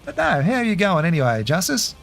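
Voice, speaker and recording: A man's voice: high voice, wildly swooping pitch, brisk, creaky, fairly bright tone, soft background music. A man casually commentating a game live, chatty and laughing easily while reading his chat. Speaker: game streamer.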